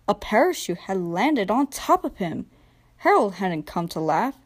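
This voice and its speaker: A young woman narrating a children's train storybook in a gentle, expressive read-aloud manner. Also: medium pitch, unhurried. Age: young adult. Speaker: storybook reader.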